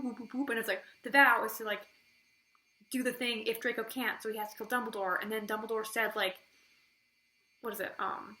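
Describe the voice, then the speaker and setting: A woman with a slightly high, very bright and forceful voice talks through a book in a casual review. She rambles, fills her sentences with "like," and plays out her own past reactions as she goes. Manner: rambling, heavy use of "like" fillers; animated retelling, acting out her own reactions.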